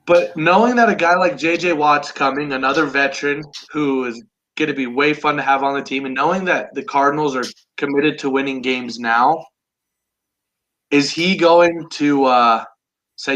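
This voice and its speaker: A young man hosting a casual sports chat with friends, eager and quick to restart his sentences. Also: fairly high pitch, a bit bright, rough recording. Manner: enthusiastic, restarts often. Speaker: sports podcast host. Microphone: online call.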